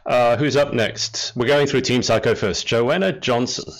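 A man's voice: mid-range voice, normal speed. A man hosting an online game show over a video call, upbeat and teasing with his guests. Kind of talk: casual livestream hosting.

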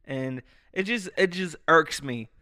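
A man's voice: on the high side, unhurried, bright, forceful tone, no room sound. A man hosting a solo podcast, rambling casually into a close microphone, swearing freely and breaking into rants. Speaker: podcast host. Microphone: microphone close to mouth.

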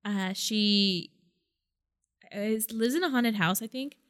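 Woman, podcast co-host, casual chat, animated storyteller, casual swearing. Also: medium pitch, takes it slowly.

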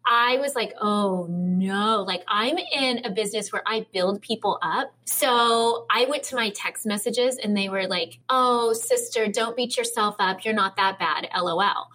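A woman from the American Midwest, an author and guest, telling stories in a casual interview with quick bursts and laughter. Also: fairly high pitch, a bit bright.

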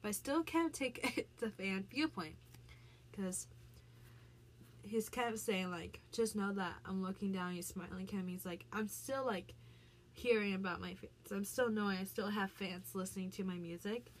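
At a measured pace, a woman with a medium-pitched voice explains song lyrics in a casual vlog, a little hiss or hum in the background. Her talk is chatty and full of "like" fillers and restarts.

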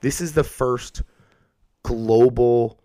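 A man's voice: medium pitch, very slow, dry recording. 30s man, casual co-host, loose rambling delivery with lots of swearing, dry sound. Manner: rambling, animated, swears freely, acts out kids' voices. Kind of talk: casual chat.

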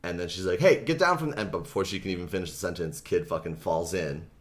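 On a comedy podcast, a man with a deep, low voice recaps a book at a quick pace, loose and animated, packed with "like" and other fillers. He acts out the characters' quotes and laughs often.

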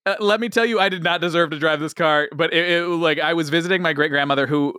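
A young man telling a story on a podcast as a guest, animated and laughing, with lots of fillers and restarts. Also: fairly high pitch, quick pace, clear, resonant tone, dry recording, clean studio sound. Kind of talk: casual storytelling chat.

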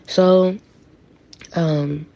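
A woman's voice: lowish voice, steady tone, very slow, gravelly, warm tone. A woman casually telling a personal story, acting out the texts she quotes, on a dull lo-fi recording. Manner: chatty, acts out quoted texts.

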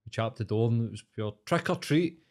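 A man's voice: medium pitch, lively intonation, a little fast. A Scottish man hosting a casual podcast, easygoing, mostly giving short replies. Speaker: podcast host. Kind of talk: casual chat.

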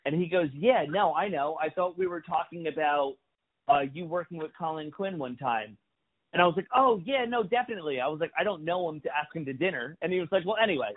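A man with a fairly high voice spins a rambling, profane anecdote, voicing each person he quotes as he goes. The sound is thin and phone-like. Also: fast talker. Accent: New York. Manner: profane, animated storytelling with acted-out quotes. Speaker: comedian guest. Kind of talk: casual storytelling. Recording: phone-like lo-fi audio.

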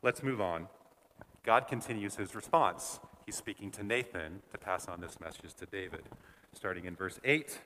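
Man teaching a Bible passage, bright tone, lively conversational delivery, reverberant church hall. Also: sits low, moderate pace. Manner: conversational, animated, reads scripture aloud. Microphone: wore a face mask at first.

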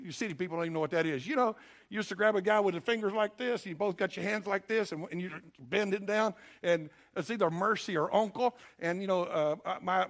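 His voice sitting high and a bit bright, an older man preaches as pastor in a church sanctuary. The delivery is folksy and emphatic, and he keeps urging the congregation to answer back.

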